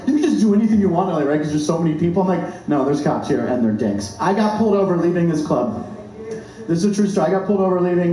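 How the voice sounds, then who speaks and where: A man working a stand-up crowd with a brash, mocking, profane delivery. His voice sits high for a man. The sound rings out in a very echoey club room. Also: darkish tone. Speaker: stand-up comedian. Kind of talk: stand-up comedy set. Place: comedy club stage.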